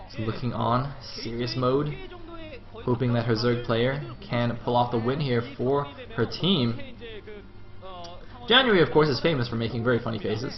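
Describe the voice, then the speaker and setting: A man giving live play-by-play commentary on a strategy game match, excitable and jumping up in pitch whenever the action heats up. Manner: excitable, voice jumps high at action. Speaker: esports commentator. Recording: dull lo-fi stream audio.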